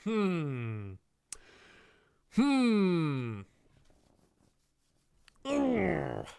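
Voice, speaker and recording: A man's voice: sits high, wildly swooping pitch, extremely slow, vocal fry, a little mellow, clear, resonant tone, no room sound. A man hosting a casual livestream, joking and reading chat aloud in a playful way. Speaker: livestream host.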